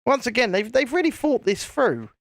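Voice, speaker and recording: A man's voice: very high-pitched, very animated, normal speed, vocal fry, dry recording, studio quality. A man hosting a live stream, chatting casually and rambling while he builds a set, with the odd casual swear. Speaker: channel host.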